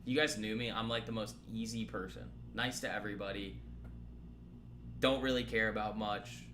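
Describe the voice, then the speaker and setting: A man's voice: on the low side, fairly even intonation, normal speed, a bit bright, a little hiss or hum. A young man hosting a live trading stream from his apartment, chatting casually, rambling and joking while reading the chat aloud. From Boston area. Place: apartment room.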